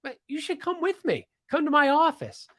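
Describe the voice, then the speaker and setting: A man voicing an eager male Irish patriot who invites a stranger to his office, in a bright, welcoming tone. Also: very high voice, big pitch swings, normal speed, no room sound, clean studio sound, voice pushed up, heavily acted.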